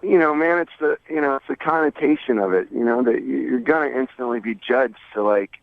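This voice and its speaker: A man calling in to a radio show, talking in a relaxed, rambling way, full of "man" and "bro", heard over a phone line. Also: medium pitch, a little fast, gravelly, dry recording. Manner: laid-back, lots of fillers like "man" and "bro". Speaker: caller. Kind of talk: casual phone-in chat.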